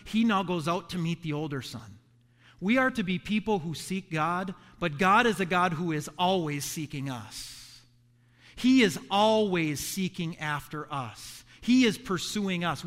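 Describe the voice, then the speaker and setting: High-voiced preaching man in an echoey hall. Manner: animated preaching, acts out the sons' voices. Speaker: pastor. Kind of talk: sermon.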